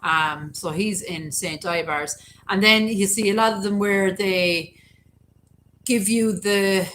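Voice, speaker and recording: A woman's voice: mid-range voice, takes it slowly, a bit bright, slight background noise, rough recording. A woman with an Irish accent chatting enthusiastically as co-host of a live stream, reading and answering viewer messages. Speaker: co-host of a cemetery channel live chat. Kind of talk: casual live-stream chat.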